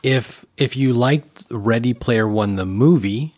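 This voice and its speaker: A man's voice: mid-range voice, takes it slowly, a little mellow. Chatty opinionated man. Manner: opinionated, talkative, acts out quotes. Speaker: podcast co-host. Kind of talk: casual chat.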